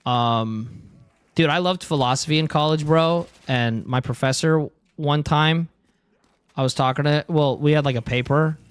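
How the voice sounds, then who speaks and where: A man's voice: fairly high pitch, a little slow, smooth, no room sound. A young man streaming live who rambles casually, swears freely and keeps saying "dude" and "bro". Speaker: livestreamer.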